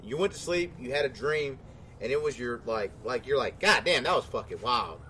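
A man's voice: mid-range voice, animated, normal speed, bright, forceful tone, slight background noise. A man hosting a casual podcast, telling a long story in a rambling way, swearing freely and a little tipsy. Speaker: podcast host. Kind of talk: casual chat.

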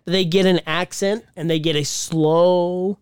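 A man's voice: sits high, fairly even intonation, measured pace, clean tone, no room sound, studio quality. A man co-hosting a podcast, talking casually and bluntly, cursing and repeating himself. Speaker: podcast co-host. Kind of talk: casual chat.

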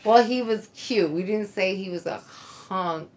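A woman's voice: medium pitch, unhurried, darkish tone. A woman casually telling a long, rambling personal story with many likes and ums, laughing along the way. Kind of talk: casual chat.

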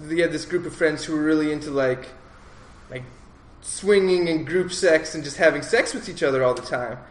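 A man with a slightly high voice spins a rambling personal story, full of fillers, restarts and self-amused chuckles. The recording rings with a roomy echo. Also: slight background noise. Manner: loose, full of "like" and restarts, laughing at himself. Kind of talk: casual spoken story, rambling and animated.

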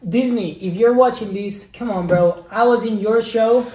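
A young man with a Spanish accent chatting casually as a guest, playful and quick to laugh, often stumbling over his words. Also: sits high, darkish tone. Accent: Spanish-accented English. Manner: playful, stammering restarts, laughs easily. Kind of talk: casual chat. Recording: echoey room.

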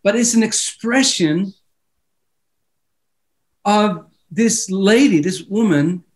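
A man speaking English as a second language, telling stories earnestly as a guest author in a faith interview, with many halting restarts. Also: high-pitched. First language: not English.

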